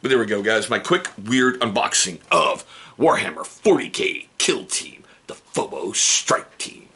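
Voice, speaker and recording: Chatty husky-voiced man hosting a hobby vlog. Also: on the low side, very animated, unhurried, sharp tone. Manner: chatty, joking, encouraging. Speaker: hobby channel host. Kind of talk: casual unboxing vlog.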